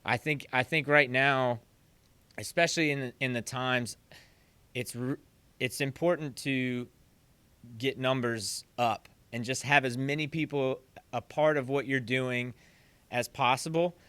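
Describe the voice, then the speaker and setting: A young man, a percussion teacher, chatting as a podcast guest and lively acting out what others said. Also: medium pitch, unhurried, smooth, no echo. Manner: animated storyteller who acts out quotes. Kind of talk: casual podcast chat.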